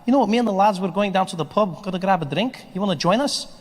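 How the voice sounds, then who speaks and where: A man voicing a cheery Scottish friend who talks him into a drink, in a high, sing-song, wheedling voice. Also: fast, in a large hall. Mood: coaxing.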